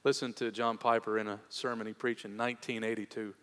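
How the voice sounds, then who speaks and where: A man preaching a sermon as pastor, earnest, moving between hushed tender passages and raised emphatic ones. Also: fairly low pitch, level tone, a little fast. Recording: long hall reverb.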